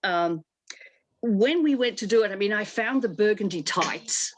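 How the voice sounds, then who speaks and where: A woman's voice: medium pitch, animated, a little slow, a crowd in the background. An older woman, a costume designer, telling anecdotes as a guest in a casual interview over a video call, chatty with many restarts.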